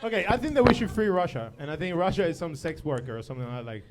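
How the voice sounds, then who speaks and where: Rambling, laughing man with a lively voice. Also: fairly high pitch, rapid-fire, noisy background. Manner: rambling, laughing, crude jokes. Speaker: comedy debater. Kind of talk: improvised comic debate.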